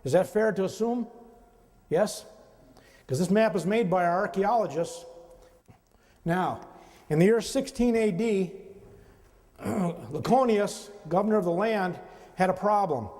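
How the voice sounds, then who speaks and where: Guy giving a talk in a big echoey hall, kinda high voice, chatty, keeps quizzing the crowd. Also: lively intonation, measured pace, pauses often, a little mellow. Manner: conversational, quizzes the audience. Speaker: lecturer. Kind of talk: lecture with slides. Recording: long reverb of a hall.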